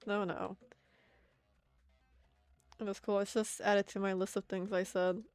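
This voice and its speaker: A young woman rambles casually while she draws, laughing at herself and answering chat. Her voice sits in a middle range, close to the mic in a dry space. Soft music plays faintly underneath. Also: mid-range voice, level tone, slow pace, clear, resonant tone, dry recording. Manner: giggly, self-mocking, reads chat aloud. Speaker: art streamer. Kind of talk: casual stream chatter while drawing.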